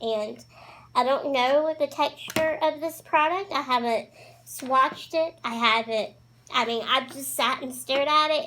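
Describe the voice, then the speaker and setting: A bubbly woman talks through her makeup routine in a chatty, gushing way. Her voice sits high and bright, and she sounds thrilled by every product she tries. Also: low-quality recording. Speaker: beauty vlogger. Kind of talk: casual makeup tutorial chat.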